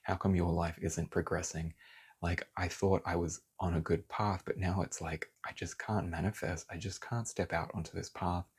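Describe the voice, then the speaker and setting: Male tarot reader, very low and slightly raspy, heated and swearing. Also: level tone, moderate pace. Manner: heated, swears, then apologizes. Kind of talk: casual tarot reading to camera.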